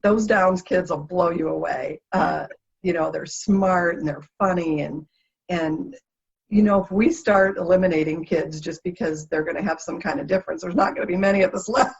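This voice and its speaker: A woman, an interview guest, telling stories in a lively, expressive way. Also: on the low side, normal speed, breathy edge. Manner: animated, lively storyteller. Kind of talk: expressive storytelling. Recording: dull lo-fi sound.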